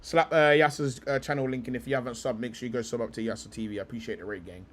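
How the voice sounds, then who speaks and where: A man hosting a casual live reaction stream, chatting in quick slang that trails off quieter at the ends of his sentences. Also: mid-range voice, fairly even intonation, a crowd in the background. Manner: fast slang-heavy chat, trailing off quieter. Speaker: livestream host.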